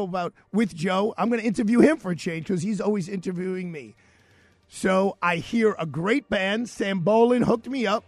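A man in his fifties with a thick Brooklyn accent, hosting talk radio on a studio mic. He talks in an energetic, chatty, rambling way, his voice sitting high for a man. The sound is dry and close, with no room around it. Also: no room sound. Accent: Brooklyn, New York. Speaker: radio host. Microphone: studio broadcast mic.

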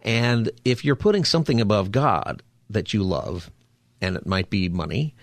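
A man's voice: lowish voice, animated, moderate pace, gravelly, no echo. A male radio talk show host in a studio, chatting with callers and preaching in a conversational, upbeat way. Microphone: studio mic.

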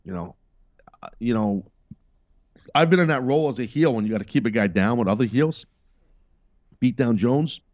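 A man's voice: medium pitch, expressive, normal speed, pauses often, a little mellow, no room sound, lo-fi sound. A middle-aged man hosting a podcast, giving blunt, emphatic wrestling commentary with profane, sarcastic asides. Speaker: podcast host.

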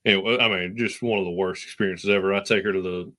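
A man's voice: low voice, steady tone, fast talker, pushed and bright. A young man co-hosting a sports talk show, telling a personal story in a rambling, heartfelt way with lots of restarts. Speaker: podcast co-host. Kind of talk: casual chat, storytelling.

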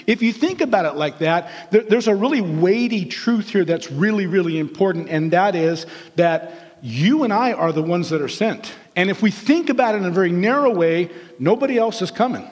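A man's voice: high-pitched, animated, normal speed, a little mellow, long reverb tail. A man preaching a sermon as pastor, earnest and repetitive, telling stories to the congregation.

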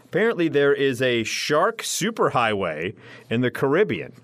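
A man co-hosts a casual news chat show, spinning stories with a joking, animated delivery. His pitch swings widely as he talks. The mic is close and dry, with no room sound. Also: moderate pace, no echo. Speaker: co-host.

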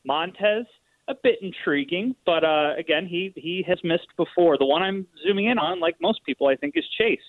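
A man with a nasal voice calling in as a guest, talking through his opinion in a measured way. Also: sits high, expressive, no echo. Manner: measured, thinking aloud. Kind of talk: casual sports talk. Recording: tinny phone-line audio.

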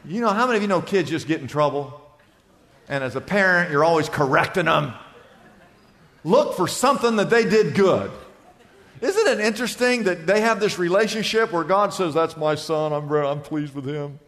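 A man with a high voice preaches a sermon, excitable and full of questions put to his listeners. He repeats his key lines for emphasis. His voice rings out with the long reverb of a church hall. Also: normal speed. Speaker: pastor.

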